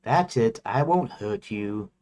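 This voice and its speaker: A kind young princess coaxes a timid mouse out of its hole, read aloud by a man. The voice stays low and close to his own, gentle and patient. It sounds like storybook reading. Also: animated, slow. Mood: coaxing. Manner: gentle coaxing, barely altered voice.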